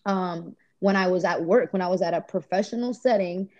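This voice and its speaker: A woman's voice: on the low side, brisk. Woman podcast guest, from the US East Coast, rambling storyteller, dull lo-fi sound. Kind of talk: casual conversation. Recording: dull lo-fi audio.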